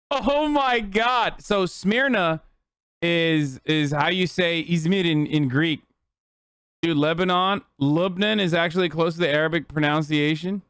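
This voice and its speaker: A man in his thirties streaming live, reacting loudly to clips and chat with lots of swearing. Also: a little high, clean tone, no echo, studio quality. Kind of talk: casual live-stream commentary.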